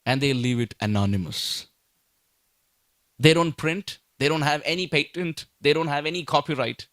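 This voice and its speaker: A man's voice: fairly high pitch, moderate pace, fairly bright tone, dry recording, studio quality. A man giving a sermon, building his points through rhetorical questions and emphatic repetition. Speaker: speaker at a devotional talk.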